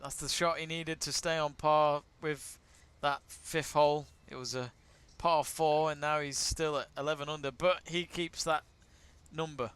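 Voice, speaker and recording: A chatty British man co-hosting a live sports watch-along, reading out viewer comments and laughing easily. His voice is bright and smooth, with a slightly raised pitch. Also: fairly even intonation, unhurried. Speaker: live stream co-host. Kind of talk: casual watch-along chat.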